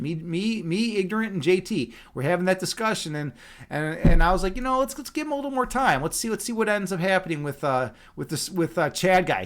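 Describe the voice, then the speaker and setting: A man from Chicago hosting a casual livestream chat, rambling and laid-back, repeating words and saying "dude" and "man" a lot. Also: sits high. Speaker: livestream host.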